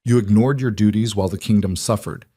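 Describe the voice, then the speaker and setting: A man with a low voice speaking as a cold, ruthless queen who rules alone, in an icy, clipped and commanding way. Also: fairly even intonation, fast, mellow, dry recording, clean studio sound, natural voice.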